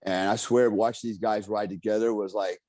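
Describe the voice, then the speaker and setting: A man's voice: lowish voice, a little fast, no echo, studio quality. A man telling a story in a casual interview, swearing freely and acting out the voices of the people in it. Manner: profane, animated, acts out quotes. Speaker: guest.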